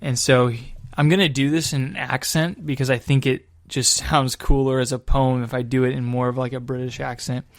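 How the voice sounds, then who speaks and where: A man's voice: mid-range voice, fairly even intonation, moderate pace, no echo, clean studio sound. A man hosting his own podcast, telling a travel story in an enthusiastic, casual way. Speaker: podcast host and Catholic evangelist.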